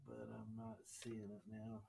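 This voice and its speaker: A man's voice: fairly low pitch, monotone, measured pace, creaky, mellow, slight background noise. A man casually showing off his home recording gear in a rambling, easygoing way. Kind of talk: casual show-and-tell chat. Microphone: webcam.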